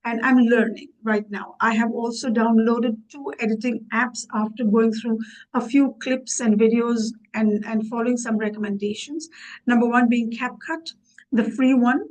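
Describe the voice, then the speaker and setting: A woman in her sixties talking to camera for her vlog, earnest and thinking aloud with frequent pauses and fillers. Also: fairly high pitch, fairly even intonation, a little mellow, rough recording. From USA. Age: 60s. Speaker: YouTube vlogger. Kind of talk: casual vlog talk to camera.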